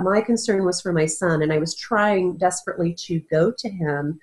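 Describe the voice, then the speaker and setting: A woman guest in a casual, audio-only interview speaks earnestly and searchingly, often restarting her sentences. Her voice is on the low side at a moderate pace, and the audio is poor.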